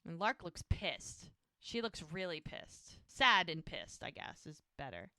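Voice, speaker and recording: A woman's voice: fairly low pitch, lively intonation, measured pace, pushed and bright, dry recording, clean studio sound. A woman co-hosting a podcast, casually retelling scenes and briefly mimicking the characters' lines. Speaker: podcast co-host. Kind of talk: casual recap chat.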